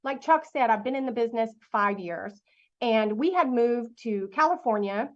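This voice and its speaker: A middle-aged woman giving a motivational talk to an online audience, telling a lively story and asking her listeners questions. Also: on the high side, normal speed, muffled recording. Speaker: guest speaker.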